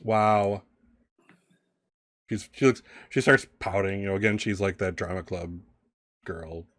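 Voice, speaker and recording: A man's voice: deep voice, moderate pace, a bit bright, dry recording, clean studio sound. Chatty game master man. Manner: chatty, laughs easily. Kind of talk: narrating a tabletop game.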